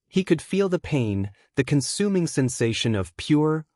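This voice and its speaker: A man reading a dark fan fiction story aloud as narrator, in a steady, even storytelling manner. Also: medium pitch, no room sound, studio quality.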